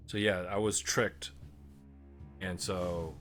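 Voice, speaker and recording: A man's voice: deep voice, measured pace, long pauses, a bit bright, faint music behind. A man streaming a game live, chatting casually and laughing at his own mistakes. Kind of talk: live gameplay commentary.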